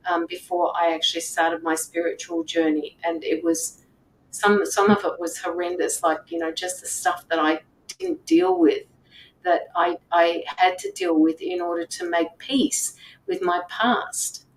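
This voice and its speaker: A tarot reader and medium with a lowish, fairly bright voice does a live-stream reading, sitting far from the mic in a rough recording with slight background noise. She talks earnestly to viewers in a casual coaching way, repeating herself and checking in with "right?"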